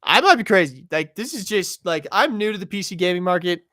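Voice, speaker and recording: A young man hosting a casual podcast, talking in a loose, rambling way and making fun of himself. His voice is bright and a little high for a man. The sound is dry and close. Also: expressive, brisk, no echo. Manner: rambling, self-deprecating. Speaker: podcast host. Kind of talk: casual chat.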